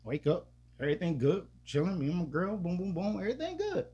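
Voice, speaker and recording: Husky-voiced man telling a rambling story. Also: high-pitched, big pitch swings, fast, dark tone, highs cut off. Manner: loose, profane and rambling, with frequent restarts. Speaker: podcast co-host. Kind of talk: casual storytelling chat.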